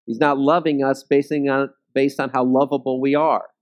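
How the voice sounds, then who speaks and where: Man, Bible study teacher, conversational, keeps asking "okay?", average pitch. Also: flat delivery, normal speed.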